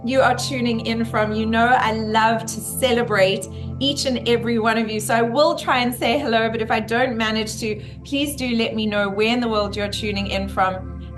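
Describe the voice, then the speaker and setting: A woman hosting a spiritual live stream, effusive and greeting her viewers one by one by name. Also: a little high.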